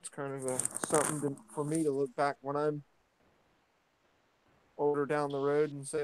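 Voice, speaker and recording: A man's voice: fairly high pitch, normal speed, pauses often, clear, resonant tone, rough recording. Rambling man on a morning chat. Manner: relaxed, rambling, hesitant with many fillers. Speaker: vlogger hosting a morning chat. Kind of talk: casual chat. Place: at home, stepping outside into his yard.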